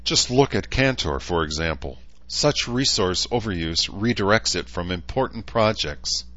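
A man's voice: deep voice, expressive, sharp tone, highs cut off. A man doing an ingratiating councilwoman. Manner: measured and ingratiating.

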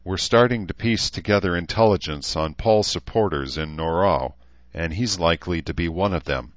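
A man voicing a worn-out, earnest woman leader in raised pitch. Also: normal speed, no room sound, close to an everyday voice. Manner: sighing, earnest. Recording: slightly dull recording.

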